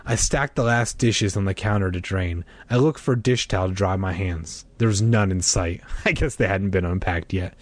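A man reading a children's horror book aloud, expressive, with casual asides. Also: deep voice, normal speed, few pauses, dry recording. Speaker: reader.

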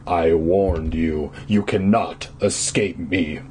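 A man doing a booming menacing caped villain. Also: fairly even intonation, warm tone, slight background noise. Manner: slow, commanding, theatrical.

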